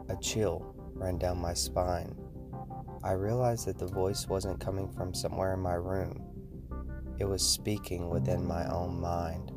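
A man narrating a scripted horror story in the first person with a steady storytelling delivery. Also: deep voice, measured pace. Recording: music playing behind the voice.

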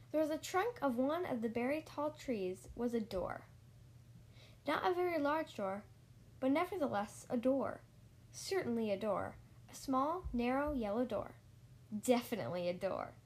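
Brief: woman storyteller, slightly high voice, unhurried bedtime-story reading. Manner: slow and deliberate, lingering on repeated phrases. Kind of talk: reading a children's story aloud.

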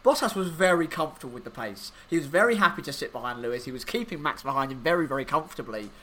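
A man co-hosting a podcast, talking through his racing analysis in a rambling, animated way with many fillers. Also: fairly high pitch, rapid-fire. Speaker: podcast co-host. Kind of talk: casual motorsport podcast chat.

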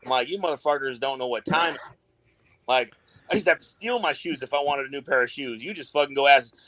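A man's voice: medium pitch, a little fast, bright, forceful tone, rough recording. A middle-aged man talking casually as a podcast guest, swearing constantly and rambling through his stories in a laid-back way. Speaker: guest, tattoo artist.

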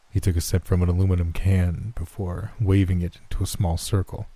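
Deep-voiced man narrating a horror story. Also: little pitch movement, warm tone, slightly rough, no echo. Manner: measured, tense storytelling.

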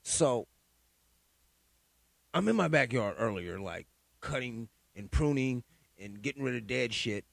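A man hosting a solo podcast in a profane, animated rant, pleading and stammering through restarts. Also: medium pitch, measured pace, creaky, long pauses, no room sound. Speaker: podcast host. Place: home in Sacramento.

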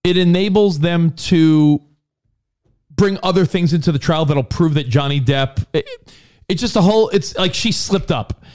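A man co-hosting a casual radio talk show, chatty and quick, often tripping over his words. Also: a little high, darkish tone, clear, resonant tone. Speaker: co-host.

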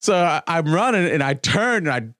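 A man in casual chat, telling animated stories and laughing often. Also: fairly high pitch, moderate pace, dry recording, studio quality.

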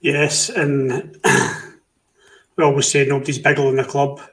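Male co-host, firm and flat-toned in casual chat. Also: medium pitch, slow. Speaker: podcast co-host.

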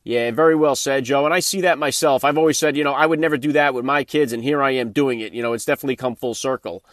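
A man's voice: medium pitch, steady tone, quick pace, a bit bright, no room sound, studio quality. A man hosting a podcast interview who affirms his guest's answers in a friendly way and asks follow-up questions. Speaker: podcast host, a father.

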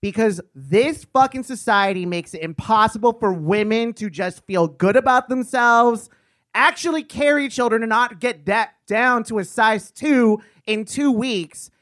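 A man's voice: high-pitched, a little slow, a bit bright, no echo. Guy host swearing a lot, blunt and emphatic, dry close sound. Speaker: podcast host. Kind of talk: casual advice chat.

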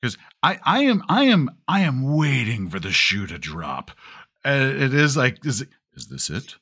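A man's voice: medium pitch, very animated, a little slow, pushed and bright, slightly rough. A man player musing hesitantly at a tabletop game. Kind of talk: casual table chat.

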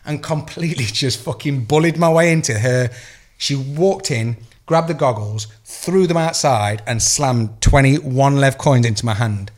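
An English man in his thirties, co-hosting a podcast and telling an animated, profane story in casual chat. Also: medium pitch, moderate pace. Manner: swears a lot, animated storytelling. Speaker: podcast co-host.

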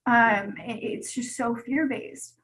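A woman's voice: fairly high pitch, steady tone, takes it slowly, a bit bright, rough recording. A woman guest telling her own story in a candid, conversational way, with many "like"s. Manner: chatty, peppered with "like". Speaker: guest, gut health specialist.

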